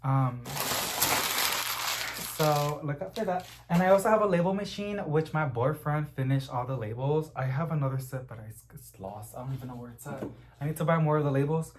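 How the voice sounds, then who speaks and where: A young man chatting casually at home about plants he is unboxing, rambling and getting excited as he goes. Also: on the high side, brisk, slight background noise. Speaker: plant vlogger.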